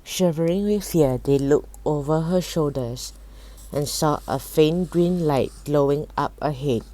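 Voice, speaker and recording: A woman reading a children's chapter book aloud in a calm, even way. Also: low-pitched, unhurried. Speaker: storybook reader. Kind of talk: storybook read-aloud.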